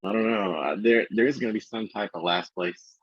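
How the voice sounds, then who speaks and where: A man's voice: fairly low pitch, a little fast, breathy edge, no echo, muffled recording. A man in a casual podcast chat, explaining league scoring rules in a matter-of-fact way.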